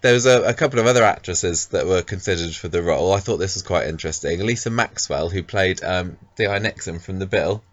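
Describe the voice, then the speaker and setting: Man, podcast co-host, casual chat, hesitant, fairly low pitch. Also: fairly quick, few pauses, dry recording. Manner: hesitant, many ums and restarts. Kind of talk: casual podcast chat about a soap character.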